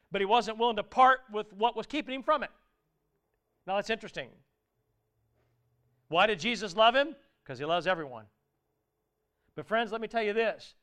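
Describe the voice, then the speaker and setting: Earnest high-voiced male preacher, smooth tone. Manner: earnest and conversational, with sudden loud exclaimed asides. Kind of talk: sermon.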